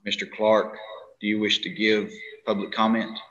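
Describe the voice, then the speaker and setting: A man's voice: fairly low pitch, little pitch movement, a bit bright. Polite man chairing a meeting. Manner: polite, courteous, slightly halting. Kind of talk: formal meeting moderation. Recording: dull lo-fi meeting audio.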